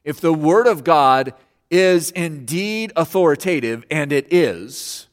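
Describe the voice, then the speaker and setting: A man's voice: fairly high pitch, lively intonation, slow. A man preaching a sermon as pastor, earnest and emphatic, repeating key phrases for weight. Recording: long hall reverb.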